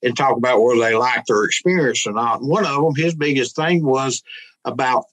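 A man speaks in a relaxed, mid-pitched voice as a pastor in a casual interview. He rambles in a folksy way, often slipping into other people's words as he tells a story. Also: fairly quick, low-quality recording. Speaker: pastor and guest.

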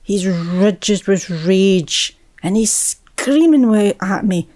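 A woman tells a story from her life as a mother with a mellow, soft-edged tone. She takes her time over each phrase, reflective and unhurried, and now and then sinks into a hushed whisper. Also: mid-range voice, animated, no echo. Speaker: mother telling a personal story. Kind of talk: personal storytelling.

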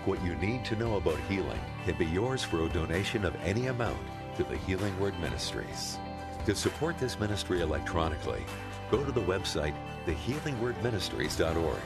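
A man reading a scripted radio promo as the program announcer, in a steady, formal, promotional tone. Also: deep voice. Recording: loud music bed under the voice.

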